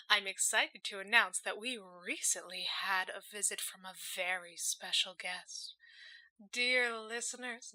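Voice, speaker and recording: A woman's voice: mid-range voice, bright, forceful tone, low-quality recording. A woman playing a chirpy female radio host who shares daily wisdom in gushing, theatrical broadcaster patter for an in-character segment.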